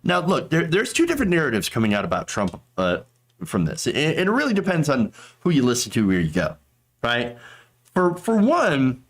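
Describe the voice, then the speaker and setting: A man's voice: mid-range voice, huge pitch swings, moderate pace. A man hosting a political commentary show, talking in a sarcastic, mocking way.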